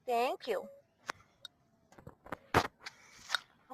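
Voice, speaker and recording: A woman's voice: sits high, animated, takes it slowly, long pauses, sharp tone, no room sound. A woman filming on her phone outdoors, chatting in doting baby talk to her pet goose and to her viewers. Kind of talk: casual chat. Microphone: handheld phone.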